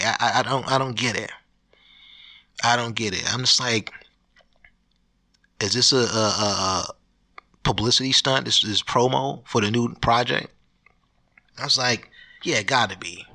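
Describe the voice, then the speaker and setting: His voice is medium-pitched, pushed, and bright as this man rants solo on the podcast he hosts. The delivery is loose, profane, and rambling, with frequent restarts.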